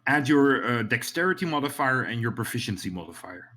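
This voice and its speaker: A man's voice: mid-range voice, lively intonation, fairly quick, sharp tone. Hesitant man running a tabletop game. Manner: hesitant, many ums and restarts. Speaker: game master.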